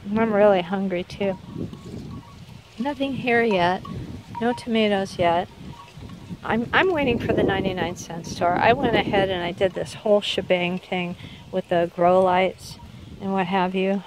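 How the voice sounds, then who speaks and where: A woman's voice: medium pitch, unhurried. Woman, middle-aged, casual garden vlog, rambling, outdoors, faint background noise. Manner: rambling, chatty, self-correcting. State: unwell, with hiccups. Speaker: vlogger showing her garden.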